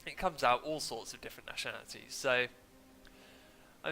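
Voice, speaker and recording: Casually commentating his game stream, this young English streamer rambles and drones, makes fun of himself, and sniffles with hay fever. He talks at a normal speed in a medium-pitched voice that is creaky, bright and forceful. His desk mic carries a little hiss or hum and is occasionally muted.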